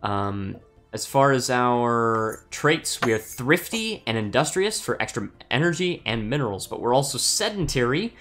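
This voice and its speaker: A man's voice: mid-range voice, sing-song, measured pace, a bit bright. Laid-back male game streamer. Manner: laughs often, fillers, reads chat aloud. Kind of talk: casual game stream chat. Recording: faint background music.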